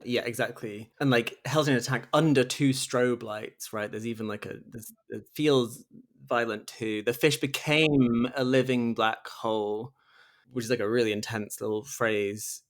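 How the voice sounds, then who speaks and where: A man's voice: medium pitch, fairly even intonation, normal speed. A man hosting a podcast, reading a poem closely in conversation, enthusiastic and often saying "like" and "right?". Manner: enthusiastic, says "like" and "right?" a lot. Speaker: podcast host.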